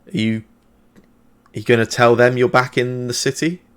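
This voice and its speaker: A calm, watchful woman ally in a tabletop game, as a man puts her on. She speaks in a measured, quietly reproachful way, at a middling pitch. Plain, close sound. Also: clean tone, close to an everyday voice.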